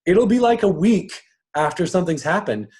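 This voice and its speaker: A man coaching on personal strengths in a casual live talk to an audience. He chuckles often and slips into quick voices as he talks. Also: high voice, expressive, a little mellow, a little hiss or hum.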